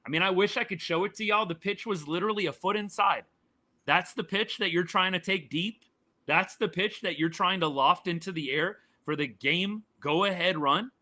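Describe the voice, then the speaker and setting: A man's voice: high-pitched, normal speed, sharp tone. A man hosting a live sports reaction stream, talking to his chat in a fired-up, exasperated way and repeating his points.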